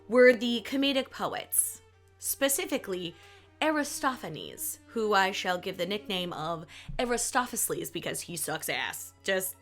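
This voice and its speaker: A woman's voice: mid-range voice, a bit bright. A woman with a Southern US accent hosting a history podcast, narrating with sarcastic, playful jokes and asides.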